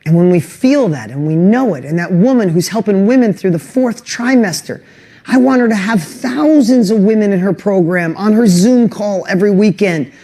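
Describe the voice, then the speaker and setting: High-voiced earnest motivational man. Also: animated, moderate pace. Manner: emotional, earnest, pushes up loud on rallying lists. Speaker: online course host. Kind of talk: motivational webinar talk.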